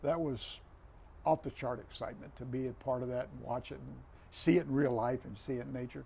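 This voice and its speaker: An older man, a retired referee, telling stories as a guest in a podcast interview, animated, repeating phrases and acting out dialogue. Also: medium pitch, fairly quick, creaky, slight background noise.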